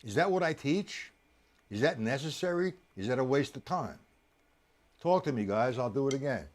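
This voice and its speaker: A man teaching drums on a live stream, chatty and coaxing, counting beats aloud with loud accents on the downbeats. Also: medium pitch, expressive, moderate pace. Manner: chatty, coaxing, addresses viewers directly. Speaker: drum teacher. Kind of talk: live-streamed drum lesson.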